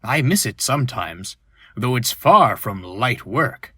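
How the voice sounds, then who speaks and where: A man's voice: medium pitch, lively intonation, slow pace, slightly rough, no room sound, clean studio sound, heavily acted. A man voicing Toby, a cheerful old male tank engine who talks reassuringly, in a storybook reading. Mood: kindly. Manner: warm, reassuring.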